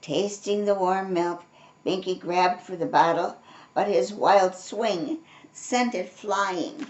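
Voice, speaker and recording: An older woman reading a storybook aloud, gentle and unhurried, with friendly asides to young listeners. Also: fairly low pitch. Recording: roomy echo.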